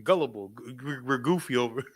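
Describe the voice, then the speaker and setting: A man teaching a class in a casual preaching style, animated and repetitive, often turning to the audience with asides and breaking into laughter. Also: mid-range voice, fairly quick. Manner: laughs often while talking.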